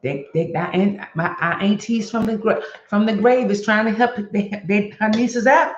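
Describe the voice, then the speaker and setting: A woman hosting a casual motivational vlog, talking to her viewers in an animated, chatty way. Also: mid-range voice, normal speed, slight background noise. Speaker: host. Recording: echoey room with dull lo-fi sound.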